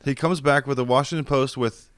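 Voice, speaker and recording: A man's voice: mid-range voice, steady tone, brisk, no echo. A man telling a long funny story in casual chat over a video call, acting out the quotes and laughing often. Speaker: podcast guest. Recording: dry video call audio.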